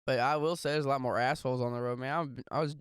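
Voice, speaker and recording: A man co-hosting a casual podcast, joking and animated, laughing easily. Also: medium pitch, fast, clean tone, no echo. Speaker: podcast co-host. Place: home studio.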